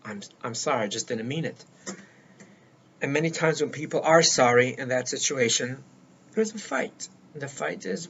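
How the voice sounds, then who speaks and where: A man's voice: a little high, very animated, measured pace, vocal fry. An older man giving earnest life-coaching advice, emphatic and repeating words for stress, on a dull lo-fi recording. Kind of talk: solo talk to camera. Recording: dull lo-fi sound with faint noise.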